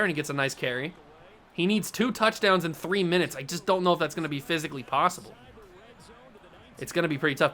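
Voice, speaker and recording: Young male gaming host; bright, punchy delivery, excitable play-by-play over a football game. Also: a little high. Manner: excitable play-by-play, gets loud on big plays. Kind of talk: video game commentary.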